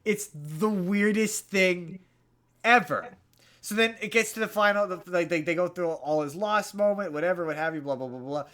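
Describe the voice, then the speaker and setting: Podcast co-host, male, slightly high voice, loose rambling plot recap. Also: moderate pace, a bit bright. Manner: rambling, many restarts, puts on character voices in retellings. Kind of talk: casual chat, retelling a movie plot.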